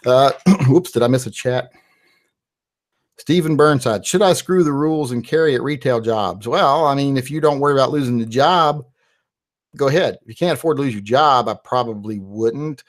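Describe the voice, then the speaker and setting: A man hosting a casual live stream, answering viewer questions in a relaxed, conversational way. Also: medium pitch, moderate pace. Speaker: channel host answering live chat.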